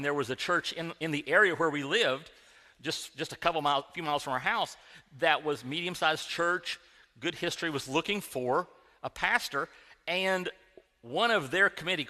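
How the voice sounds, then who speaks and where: A middle-aged man delivers a sermon in a church sanctuary, his voice bright and a little high. He talks like he's telling a friend a story, circling back and restarting phrases. A long reverb trails behind him in the hall. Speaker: pastor.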